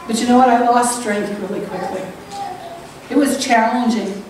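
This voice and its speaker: A woman preaches a morning sermon in an earnest, reflective way, her voice climbing sharply when she presses a point. She sits a bit high for a woman. The recording is very echoey, and she sounds distant from the mic over a faint hiss. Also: fairly even intonation, moderate pace, a little mellow.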